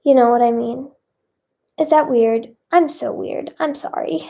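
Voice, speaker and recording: Bubbly high-voiced young woman chatting. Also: a little slow, gravelly, warm tone. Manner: bubbly, self-conscious, lots of fillers. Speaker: singer answering fan questions. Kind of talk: casual chat.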